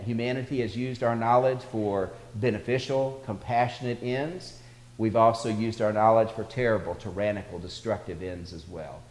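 A man's voice: fairly low pitch, darkish tone. A man delivering a sermon, telling stories and building his voice up as he goes. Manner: storytelling preacher, builds in volume for anecdotes. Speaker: pastor. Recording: echoey hall.

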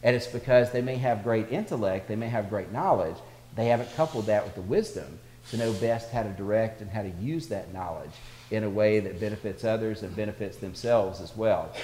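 A man's voice: fairly low pitch, a little mellow, a little hiss or hum. A man delivering a sermon, telling stories and building his voice up as he goes. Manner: storytelling preacher, builds in volume for anecdotes. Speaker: pastor. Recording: echoey hall.

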